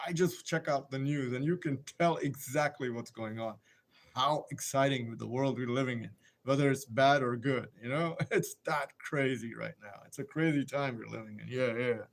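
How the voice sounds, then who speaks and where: A man hosting a casual live stream, rambling and emphatic, firing off rhetorical questions and answering viewer comments. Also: mid-range voice.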